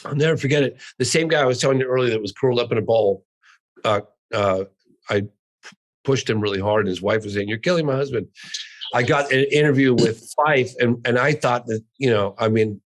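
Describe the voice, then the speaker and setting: A man's voice: mid-range voice, fairly quick, rough recording. A middle-aged man from the United States, a podcast guest telling a long story in an earnest, emphatic way and insisting it is all true. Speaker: guest, documentary filmmaker. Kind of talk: animated storytelling.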